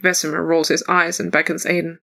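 A woman reading a fan story aloud as a narrator, in an even storytelling manner. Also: on the low side, a little fast, vocal fry.

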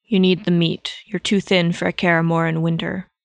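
A woman reading a fan story aloud, voicing a gruff, exasperated, fatherly older male mentor in a low, grumbling tone. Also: level tone, moderate pace, dry recording.

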